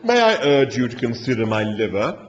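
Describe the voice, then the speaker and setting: Man doing a low, courteous creature ready to be eaten. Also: big pitch swings, fairly quick, a little hiss or hum, lightly acted. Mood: contented, courteous. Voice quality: low, contented, ingratiating. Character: polite male cow-like creature offering itself as dinner. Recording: dull lo-fi live recording.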